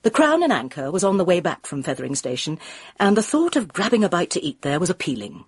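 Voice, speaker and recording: A woman reading a village mystery aloud with measured storytelling. Her voice is husky and her pitch moves a lot. The recording is dry and close. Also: huge pitch swings, no echo. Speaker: audiobook reader. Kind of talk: scripted narration.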